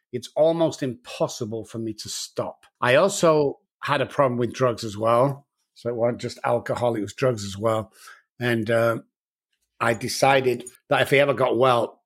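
A middle-aged man from Manchester with a Manchester accent, an addiction doctor answering interview questions in a brisk, earnest, frank way. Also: medium pitch, husky. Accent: Manchester English. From Manchester, England.

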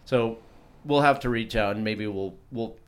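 A man with a fairly low voice talks through ideas on a relaxed podcast about art. He wanders, backtracks and restarts his sentences while thinking out loud. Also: normal speed. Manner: rambling, self-interrupting, with many restarts. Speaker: podcast co-host. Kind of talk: casual chat.

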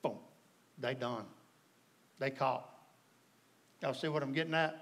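A man's voice: on the high side, steady tone, measured pace, long pauses, fairly bright tone. A man with a Southern US accent preaching a sermon as pastor, folksy and storytelling, often asking the congregation if they follow.

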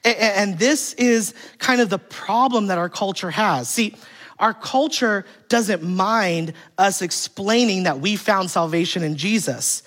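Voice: medium pitch, a little slow, a bit bright. Pastor preaching a humorous, conversational sermon. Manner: humorous storytelling, acting out family dialogue; asks the congregation rhetorical questions.

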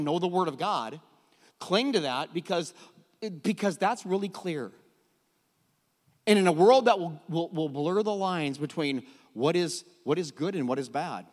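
A middle-aged man preaching a sermon, animated and jokey, often repeating words as he goes. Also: sits high, big-room sound. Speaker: pastor. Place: church hall.

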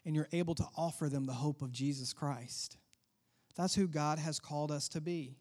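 Conversational pastor preaching. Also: male voice, a little high, normal speed, a little mellow. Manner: conversational preaching with asides and laughs. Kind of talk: sermon.

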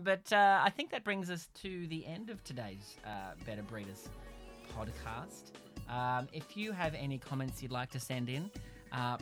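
A man's voice: fairly high pitch, fairly bright tone. A middle-aged Australian man co-hosting a podcast, talking in a dry, wry and rambling way with many fillers. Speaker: podcast co-host. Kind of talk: casual chat. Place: a house in the evening.

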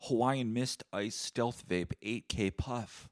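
A man's voice: medium pitch, takes it slowly, no room sound, clean studio sound, lightly acted. A man voicing a sulky teenage boy who mumbles defensive excuses.

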